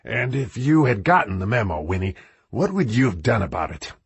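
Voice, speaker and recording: A man's voice: on the low side, very animated, moderate pace, husky, dry recording, muffled recording, exaggerated voice. A man doing a curt, sleazy office boss. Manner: curt and evasive. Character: defensive, sleazy middle-aged male boss.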